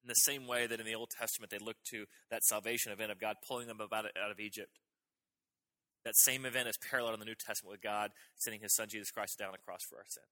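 Bright-voiced preaching man. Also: fairly low pitch, steady tone, fast. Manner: emphatic, repetitive preaching with rising intensity on key phrases. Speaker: pastor. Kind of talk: sermon.

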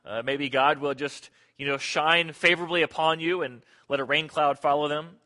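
Bright-voiced man preaching a sermon. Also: fairly high pitch, moderate pace. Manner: animated storyteller acting out quotes. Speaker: pastor.

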